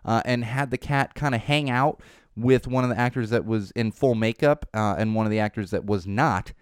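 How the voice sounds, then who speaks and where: A man's voice: medium pitch, moderate pace, clean tone, dry recording. A man hosting a casual entertainment news chat in a studio, rambling and correcting himself, with sarcastic asides. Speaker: podcast host. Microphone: studio microphone.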